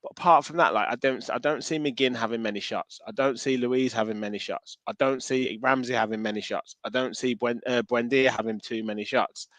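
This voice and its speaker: A man's voice: mid-range voice, brisk, few pauses, no room sound. Casual man, dry podcast mic. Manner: animated, restarts phrases, reads out viewer comments. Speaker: podcast co-host. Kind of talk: casual football podcast chat.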